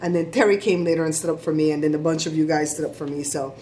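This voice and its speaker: A middle-aged woman vlogger giving chatty, animated shout-outs to her viewers. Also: deep voice, fast talker, slight background noise. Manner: chatty, animated storytelling with laughs.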